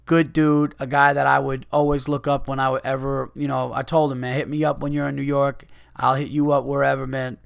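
A male comedian talking solo on his podcast, rambling through a story with plenty of swearing. His voice sits at a middle pitch and sounds close and dry, with no room around it. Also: a little fast, creaky, hardly any pauses, clean tone, dry recording. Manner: profane, rambling, animated storytelling. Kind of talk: casual storytelling monologue.

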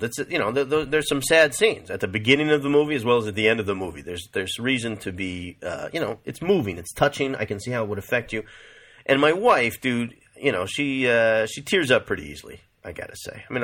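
A man's voice: medium pitch, very animated, quick pace, fairly bright tone. A middle-aged man rambling casually about movies, swearing freely and calling the listener "dude". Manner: profane, rambling, says "dude" a lot. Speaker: vlogger.

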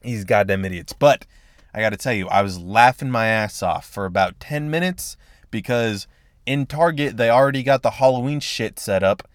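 A man's voice: medium pitch, normal speed, no room sound, studio quality. Profane rambling podcast host, man. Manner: profane, rambling, exasperated storytelling. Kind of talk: casual solo podcast rant.

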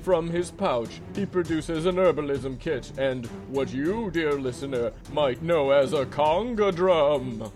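Slow mock-epic male game master. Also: fairly high pitch, a little mellow. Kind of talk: scripted fantasy narration. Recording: music bed behind.

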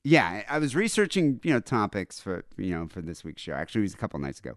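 A man's voice: on the low side, sing-song, quick pace, no room sound, clean studio sound. A man co-hosting a comedy podcast from home, chatting casually in a rambling, irreverent way with lots of fillers. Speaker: podcast co-host.

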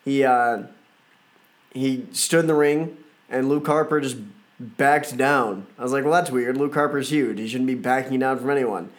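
A man hosting a casual wrestling reaction podcast, a little hoarse and froggy, chatting loosely with playful asides. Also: mid-range voice, normal speed. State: slightly hoarse, froggy throat. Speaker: podcast host.

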